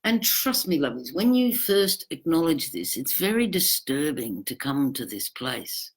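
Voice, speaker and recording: Blunt, lively woman teacher. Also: low voice, a little slow, husky. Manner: blunt and colloquial, acts out quoted speech in animated bursts. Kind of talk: informal spoken talk on narcissism.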